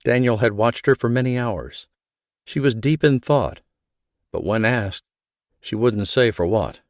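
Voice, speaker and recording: A man's voice: medium pitch, a little slow, dry recording, clean studio sound. A man narrating a thriller audiobook, voicing the characters' lines as he reads. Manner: reads the story, giving characters voices. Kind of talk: scripted narration.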